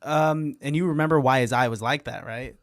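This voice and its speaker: A man's voice: medium pitch, a little fast, no room sound. Laid-back young man, dry close sound. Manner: retells scenes with acted quotes, laughs often. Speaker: podcast host. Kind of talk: casual movie review chat.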